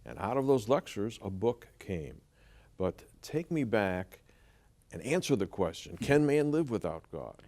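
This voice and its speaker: Low-voiced man hosting an interview. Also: very animated, measured pace, a little mellow. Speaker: interview host. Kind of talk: interview questions.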